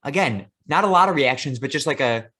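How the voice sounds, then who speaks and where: A man co-hosting a casual podcast, telling a travel story at an easy, average pitch. He swears freely and speeds up through his profane, animated asides. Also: fairly quick. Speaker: podcast co-host.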